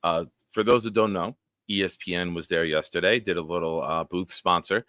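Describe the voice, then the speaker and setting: Male sports-stream host: low, forceful voice, dry close sound, excitable, shouts out viewers. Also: fairly quick, no room sound. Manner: excitable, bursts into loud sing-song chants; shout-outs to viewers by name. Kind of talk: live-streamed sports chat.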